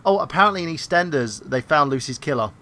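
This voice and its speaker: A man's voice: on the high side, expressive, fast talker, pushed and bright. A man co-hosting a casual podcast chat who rambles, stammers and reads chat comments aloud. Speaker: podcast co-host.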